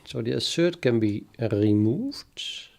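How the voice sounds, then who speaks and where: Slow gravelly man muttering while coding. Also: mid-range voice, animated, a little mellow. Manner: muttering, halting, trails off mid-sentence. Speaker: programmer streaming live development. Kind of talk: thinking aloud while coding, chatting with viewers.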